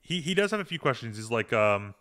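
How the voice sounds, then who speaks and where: Man, podcast host, loose recap talk, filler hums, bright clear tone. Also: mid-range voice, very animated, a little fast. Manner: rambling, retells scenes with filler hums. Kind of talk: casual episode recap chat.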